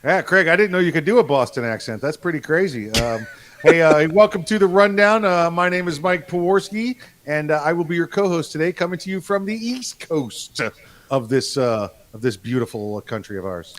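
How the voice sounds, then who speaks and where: A man co-hosting a casual podcast, talking in a relaxed, rambling way with chuckles. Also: fairly high pitch, moderate pace. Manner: laid-back, chuckling, rambling. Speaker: co-host.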